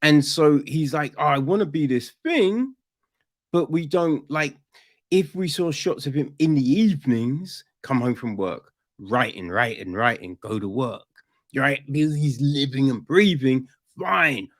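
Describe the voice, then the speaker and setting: A man's voice: medium pitch, animated, a little slow. A man chatting casually about a film on a podcast, rambling with restarts and asking "right?" often. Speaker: podcast host, film reviewer. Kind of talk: casual chat.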